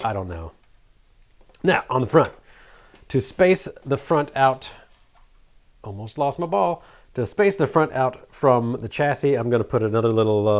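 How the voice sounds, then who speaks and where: A middle-aged man with a faint, mostly flattened Southern American accent, chatting casually and muttering to himself while working at a bench. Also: medium pitch. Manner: rambling, self-deprecating, mutters while working. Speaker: hobby shop owner building an RC truck.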